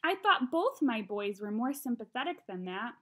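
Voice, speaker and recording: A woman's voice: on the high side, sing-song, normal speed, pushed and bright, heavily acted. A woman voicing a caring mother who firmly scolds her sons, reading a storybook aloud. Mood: scolding. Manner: scolding, firm.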